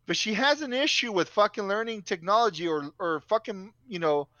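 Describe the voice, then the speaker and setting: A man's voice: high-pitched, a little fast, bright, forceful tone, no room sound, highs cut off. A young man telling a story in a casual, profane, ranting way.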